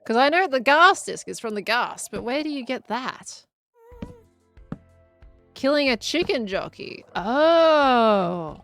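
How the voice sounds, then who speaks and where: A woman's voice: on the high side, big pitch swings, slow, a bit bright, soft background music. A woman chatting casually on a gameplay livestream, reading viewer messages aloud and answering them as she plays. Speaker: streamer.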